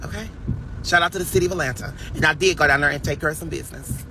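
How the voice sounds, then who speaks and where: A man ranting on a casual phone livestream, flamboyant and sassy, with sudden shrieks and high exclamations. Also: quick pace, music in the background. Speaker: social media personality on a livestream.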